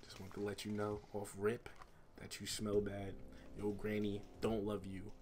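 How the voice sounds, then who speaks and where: A man's voice: lowish voice, completely flat delivery, a little slow, noisy background. A male streamer reading a story game aloud, breaking off with rambling, self-mocking jokes and laughter.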